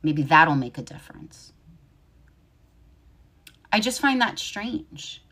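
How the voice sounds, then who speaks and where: A woman's voice: deep voice, very animated, takes it slowly, a bit bright, slightly rough. A woman in a played video giving opinion commentary with a sarcastic, mock-sympathetic edge.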